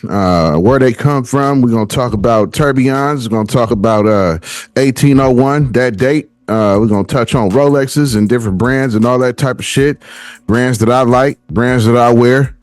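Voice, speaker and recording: A man's voice: mid-range voice, moderate pace, a little mellow, no echo. A middle-aged man hosting his own podcast, out of breath and rambling loosely, always asking "you know what I'm saying". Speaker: podcast host. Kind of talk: casual solo podcast talk. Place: home setup beside a watch box.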